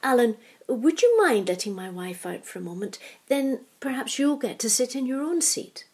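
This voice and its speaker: Woman reading a patient, gentle old husband. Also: high-pitched, sing-song, slightly rough, pitched above the performer's own voice, exaggerated voice. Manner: measured, gently explaining. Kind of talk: storybook reading.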